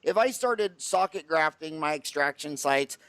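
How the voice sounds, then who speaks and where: A man hosting a dental podcast interview, speaking in a slightly higher register. He asks blunt questions quickly and cuts in often. His voice sounds dry and close to the mic. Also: animated, a bit bright, no room sound. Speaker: podcast host and dentist.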